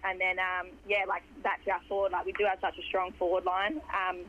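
A young Australian woman with a hoarse voice, a footballer chatting in a rambling way with lots of fillers during a phone interview. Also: lowish voice, flat delivery, a little fast. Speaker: footballer guest. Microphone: phone line. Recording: dull phone line.

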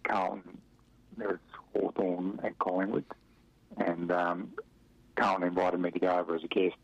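A middle-aged Australian man tells loose, chuckling stories about his football days, leaning on fillers as he goes. His voice sits very low with a gravelly edge. The recording is muffled and dry, like an old radio interview. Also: level tone, moderate pace, no echo. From Western Australia. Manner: rambling, chuckling anecdotes with many fillers. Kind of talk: relaxed storytelling interview.

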